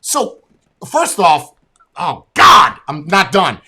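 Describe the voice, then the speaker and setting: A man hosting a podcast, telling a blunt, profane and animated story in a casual rant. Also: high voice, slow, breathy edge. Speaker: podcast host.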